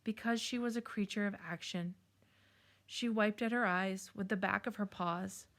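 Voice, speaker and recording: A woman reading a children's chapter book aloud in a calm, measured storytelling manner. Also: mid-range voice. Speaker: storybook reader.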